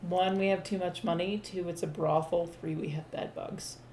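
Woman co-host, lower register, blunt and sweary, recorded in an echoey room. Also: fairly even intonation, moderate pace, darkish tone, slight background noise. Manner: blunt, opinionated, swears freely. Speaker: podcast co-host. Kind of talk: casual chat.

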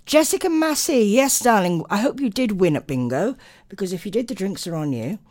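A woman's voice: medium pitch, expressive, fairly quick, a little mellow, dry recording, studio quality. Rambling, tired woman radio host. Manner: rambling, chatty, with many ums. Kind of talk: late-night radio chat.

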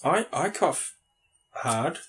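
A man's voice: on the high side, lively intonation, very slow, a bit bright. A man co-hosting a casual podcast, joking crudely and swearing freely. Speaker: podcast co-host.

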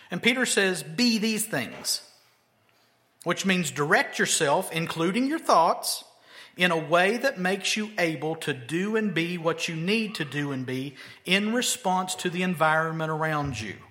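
A man's voice: fairly high pitch, a bit bright. A male pastor preaching a sermon conversationally, with emphatic rhetorical questions.

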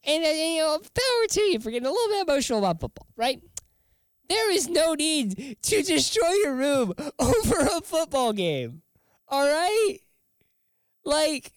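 A man hosting a casual sports talk show, rambling and animated, often chuckling as he talks. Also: extremely high pitch, unhurried, no room sound.

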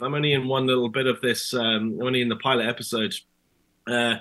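Bright-voiced British man telling animated stories. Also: mid-range voice, fast talker. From Britain. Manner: animated storyteller, acts out both sides of conversations. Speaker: actor guest. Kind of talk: casual interview chat.

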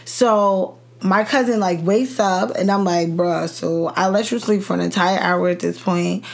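A woman's voice: lowish voice, measured pace, creaky. A woman, a podcast guest, telling a personal story in casual chat and acting out the lines of the people in it. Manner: animated retelling, acts out quoted dialogue.

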